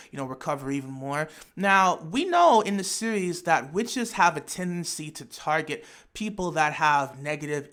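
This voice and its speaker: A man's voice: a little high, bright, forceful tone. A man talking through an anime fan theory in a casual, speculative way, thinking aloud with frequent restarts and repeated words. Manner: speculative, imaginative storytelling. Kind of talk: casual spoken analysis.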